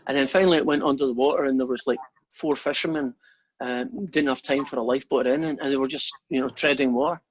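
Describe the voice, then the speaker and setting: A man's voice: medium pitch, steady tone, fast, breathy edge. A man who teaches math and gives a chatty, joking lecture over a video call, with many fillers and restarts. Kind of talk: casual online lecture. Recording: dull lo-fi online call audio.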